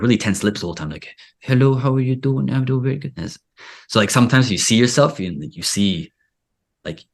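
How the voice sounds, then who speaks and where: A man hosting a casual interview, talking in a rambling way full of filler "like". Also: lowish voice. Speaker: podcast host and Spanish teacher.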